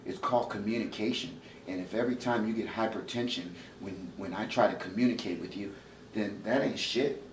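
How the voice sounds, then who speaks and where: A man's voice: on the low side, fairly quick, distant mic. A man live streaming from home, arguing at length in a confrontational, lecturing, profane way. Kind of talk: heated domestic argument. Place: at home, indoors. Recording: echoey room, off-mic, faint noise.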